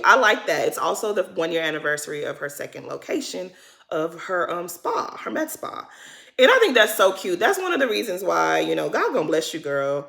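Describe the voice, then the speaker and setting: A woman's voice: mid-range voice, big pitch swings, normal speed, creaky, fairly bright tone. A woman vlogger giving a sassy, blunt, casual recap of a reality show, talking straight at the cast and calling them "girl.". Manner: addresses cast members directly as "girl". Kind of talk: casual reaction commentary.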